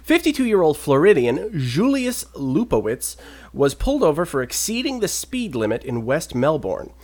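A man co-hosting a casual talk show, telling an odd news story with animated delivery. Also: a little high, moderate pace. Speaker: podcast co-host. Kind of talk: casual chat, reading news stories.

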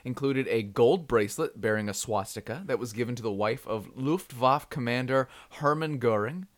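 A man co-hosting a casual comedy podcast, reading out a news story with halting restarts, asides and laughs. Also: medium pitch. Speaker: podcast co-host.

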